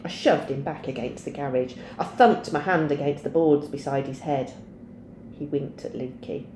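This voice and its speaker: A woman teacher reading a novel aloud in a steady storytelling voice. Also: deep voice, moderate pace, roomy sound, slight background noise.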